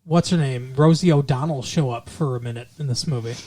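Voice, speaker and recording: A man's voice: medium pitch, fairly quick, warm tone. A man co-hosting a casual movie review podcast, rambling and joking, often breaking into mock impressions. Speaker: podcast co-host.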